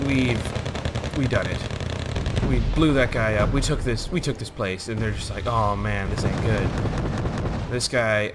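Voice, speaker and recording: A man's voice: mid-range voice, heavy background noise. A man giving casual, rambling commentary over his own strategy gameplay, joking and acting out the soldiers in silly voices. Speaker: gaming YouTuber.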